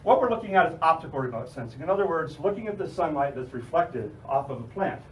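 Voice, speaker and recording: A man's voice: fairly high pitch, lively intonation, fast, recorded from a distance, slight background noise. A young man presenting his graduate research in a lecture room, upbeat and laughing at himself. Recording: roomy room from afar.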